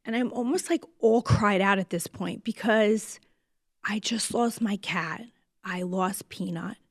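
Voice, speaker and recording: A woman's voice: mid-range voice, unhurried, dry recording, clean studio sound. A woman with a New Jersey accent hosting a podcast in casual talk, frank and swearing, holding back tears as her voice drops to near whispers. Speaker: podcast host.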